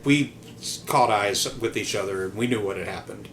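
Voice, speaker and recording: A man's voice: on the low side, normal speed, a bit bright, slight background noise. A man hosting a podcast, telling a casual story in a rambling, hesitant way, full of ums and restarts, with some casual swearing. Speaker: podcast host.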